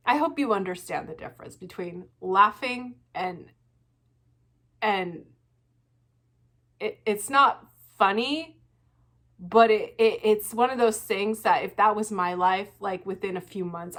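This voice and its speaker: A woman vlogging her casual reaction commentary, animated and laughing often, with frequent swearing. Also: mid-range voice, unhurried.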